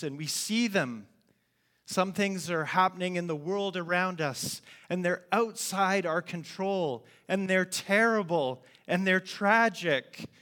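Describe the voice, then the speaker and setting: A man's voice: fairly high pitch, sharp tone. A man preaching a sermon, telling a personal story in an earnest, heartfelt way. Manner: earnest, heartfelt, slow and deliberate.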